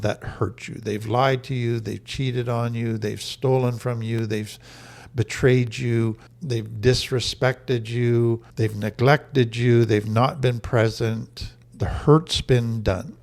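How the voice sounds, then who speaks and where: A man with a gravelly, fry-edged voice at a middle pitch talks through a lesson on healing. He is earnest and emphatic and comes back to the same key phrases to drive them home. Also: fairly even intonation, measured pace, darkish tone. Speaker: trauma recovery teacher. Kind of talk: teaching talk to camera.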